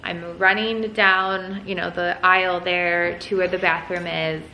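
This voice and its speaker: A woman's voice: on the low side, level tone, measured pace, creaky, pushed and bright, roomy sound, slight background noise, low-quality recording. A young woman vlogger casually telling a story at home while folding laundry, full of "like" and "um". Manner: chatty, lots of "like" and "um". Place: room at home.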